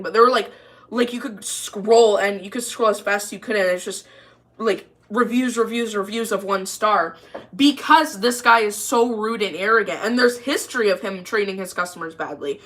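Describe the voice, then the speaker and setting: A woman's voice: medium pitch, normal speed, fairly bright tone. A young woman telling a story in a casual, rambling way, full of "like" and restarts, while cooking in her kitchen. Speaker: vlogger.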